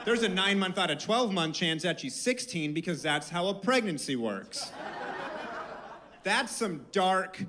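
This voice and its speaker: A man's voice: high voice, lively intonation, unhurried, background noise. A male stand-up comedian building a joke step by step with a wry tone. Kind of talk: stand-up routine.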